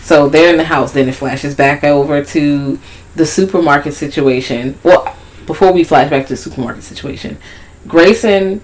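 Low-voiced woman recapping a show. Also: normal speed. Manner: profane, animated, acts out characters. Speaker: podcast co-host. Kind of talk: casual recap chat.

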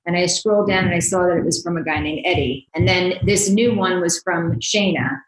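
A woman's voice: lowish voice, a little fast, roomy sound, low-quality recording. A woman from New Jersey, a blogger guest on a podcast, chatting casually with lots of fillers and laughs. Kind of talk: casual interview chat.

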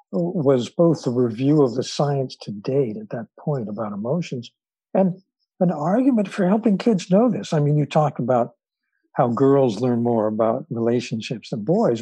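A man who is a psychologist and author, a guest on an interview podcast, telling stories thoughtfully with frequent filler pauses. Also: medium pitch, mellow, breathy edge, no echo, poor audio. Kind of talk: relaxed storytelling in conversation.

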